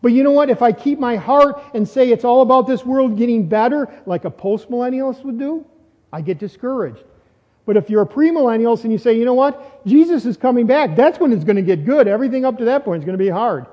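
Preaching fast and expressively, a high-voiced pastor gives a conversational sermon, asking his audience questions as he goes. The dull, lo-fi recording captures a long reverb from the church hall around him.

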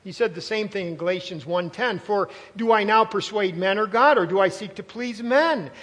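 A man's voice: high-pitched, moderate pace, fairly bright tone. A man preaching a sermon as pastor, emphatic and conversational, repeating words for stress and adding asides. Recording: long hall reverb.

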